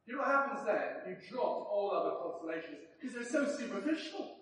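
A man preaching a sermon in a church, dramatic and swinging between loud appeals and hushed lines. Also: extremely high pitch, expressive, moderate pace. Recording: very echoey church heard from a distance.

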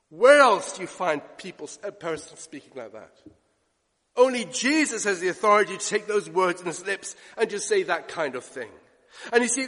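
A man preaching a sermon, emphatic, swinging between loud declarations and hushed asides. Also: high voice. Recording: long reverb of a church hall.

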